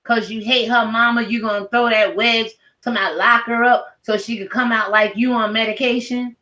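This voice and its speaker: Woman, middle-aged, heated profane rant, vlog commentary, slightly high pitch, roomy echo. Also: steady tone, moderate pace, pushed and bright. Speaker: commentary vlogger. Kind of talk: ranting commentary. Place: at home.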